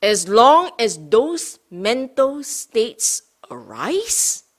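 A woman teaching Buddhist Dhamma to a study group, unhurried, rephrasing her points and often checking in with her listeners. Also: fairly high pitch, big pitch swings. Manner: rephrases and repeats points for emphasis.

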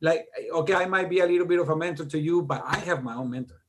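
A middle-aged man chats as an interview guest with a slightly high, lively voice. He tells his stories with animated, self-mocking humor and laughs at himself along the way. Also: fast, a little hiss or hum. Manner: animated, self-deprecating joker. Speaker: guest music producer. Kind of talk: casual interview storytelling.

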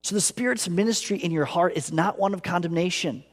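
Earnest male pastor in a reverberant hall. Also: a little fast. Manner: earnest, acts out inner voices with big pitch swings. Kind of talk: sermon.

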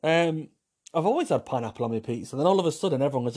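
A man's voice: on the high side, lively intonation, racing, a little mellow, husky. A young man, a vlogger, talking to camera in a cheeky, blunt, jokey monologue and laughing often. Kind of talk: casual opinionated monologue.

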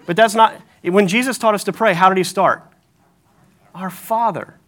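A male pastor delivers a sermon in a notably high voice. His tone is bright and forceful, and he tells stories with lively, self-mocking humor. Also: fairly quick. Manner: animated storytelling with self-deprecating humor.

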